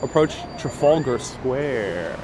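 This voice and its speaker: A man's voice: medium pitch, lively intonation, slow. A man guiding a live-streamed city bus tour, chatting casually and reading out viewer comments. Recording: faint street and traffic noise.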